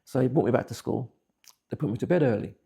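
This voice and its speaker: A man's voice: medium pitch, quick pace, gravelly, mellow, slightly rough. A man, giving blunt, plain-spoken personal testimony. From England. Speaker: interviewee.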